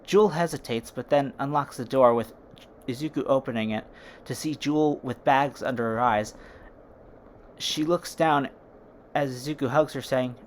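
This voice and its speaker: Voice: medium pitch, normal speed, slight background noise. A fan storyteller narrating casually, with informal chatty asides to listeners.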